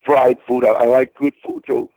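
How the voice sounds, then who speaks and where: A man's voice: medium pitch, flat delivery, normal speed, creaky, narrow, tinny audio. A man guest in an interview, telling casual stories in a rambling way, with many repeated words and fillers.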